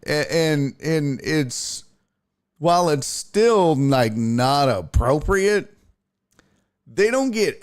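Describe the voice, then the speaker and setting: A man hosting a casual sports talk stream, reading viewer comments aloud and riffing on them in loose, profane banter. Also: mid-range voice. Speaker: sports talk show host.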